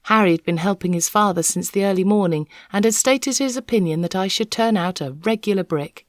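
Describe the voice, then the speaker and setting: A woman reading a children's novel aloud, an expressive, measured storyteller. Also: medium pitch, no room sound, studio quality. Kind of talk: expressive read-aloud narration.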